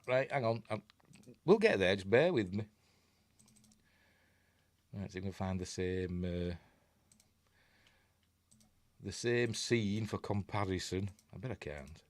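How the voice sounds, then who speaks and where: A deep-voiced man from Yorkshire, England, hosts a casual film review livestream, rambling and chuckling as he answers viewer comments. The recording is dry.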